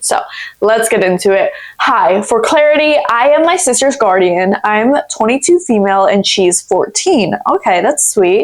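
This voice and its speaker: A woman YouTuber chatting in her home office, rambling and blunt as she reads online posts aloud and reacts to them with swearing. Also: medium pitch. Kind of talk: casual chat and reading with commentary.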